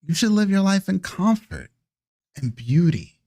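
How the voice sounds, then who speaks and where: A man's voice: high voice, big pitch swings, a little slow, a little mellow, pitched above the performer's own voice, exaggerated voice. A man voicing a poised, persuasive woman vampire elder in a live-streamed tabletop role-play, coaxing and grandly idealistic.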